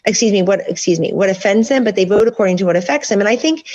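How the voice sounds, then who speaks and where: A woman's voice: medium pitch, racing, darkish tone, dull audio. A woman guest author in a political interview, making her points in long, insistent runs.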